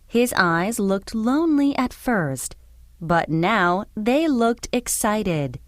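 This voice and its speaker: A woman narrating a children's storybook in a clear, expressive way. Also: medium pitch, takes it slowly, no room sound, studio quality.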